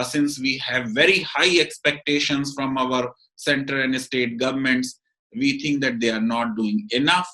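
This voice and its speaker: A man's voice: mid-range voice, sharp tone, rough recording. A man with an Indian English accent hosting an interview, speaking deferentially and measuredly, with many fillers. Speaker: interview host. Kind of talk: interview wrap-up and commentary.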